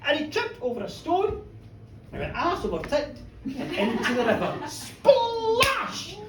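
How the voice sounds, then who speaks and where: A middle-aged woman telling a comic folk tale live, cheeky and animated, chatting with her audience. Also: a little high, moderate pace. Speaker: storyteller. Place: pub bar, live show. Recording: roomy pub, from a distance, faint room noise.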